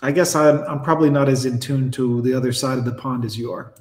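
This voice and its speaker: A man's voice: medium pitch, fairly even intonation, fast. A man hosting a reaction video, ranting bluntly and with heavy profanity. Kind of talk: mocking reaction commentary. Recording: roomy echo.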